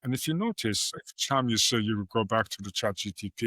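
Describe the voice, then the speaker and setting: A man's voice: mid-range voice, quick pace, hardly any pauses, dry recording. A middle-aged man, a guest professor in a casual interview, telling stories and acting out quoted dialogue. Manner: animated storyteller, acts out quoted dialogue.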